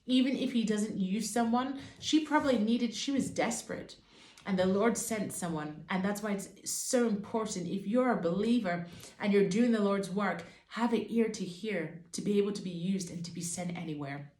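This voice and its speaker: A woman's voice: mid-range voice, normal speed, a little mellow. Earnest woman in a roomy space. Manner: earnest, fervent storytelling. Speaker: Christian vlogger. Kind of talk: personal testimony to camera. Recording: roomy echo.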